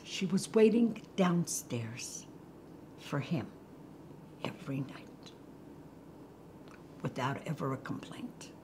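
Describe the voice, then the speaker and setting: An older woman hosting from her kitchen, telling a story with animation and hushed near-whispers. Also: on the low side, a little hiss or hum. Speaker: host. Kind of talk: storytelling talk to viewers. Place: home kitchen.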